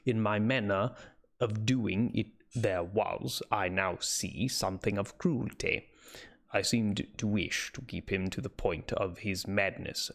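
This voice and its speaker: A man voicing a brooding Victorian asylum doctor dictating his diary, measured and clinical. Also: lowish voice, creaky, pitched below the performer's own voice.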